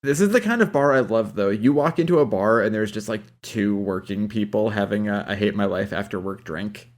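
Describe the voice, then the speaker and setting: A man's voice: on the low side, a little fast. A man co-hosting a podcast in loose casual chat, swearing freely and laughing as he reacts to the episode. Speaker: podcast co-host.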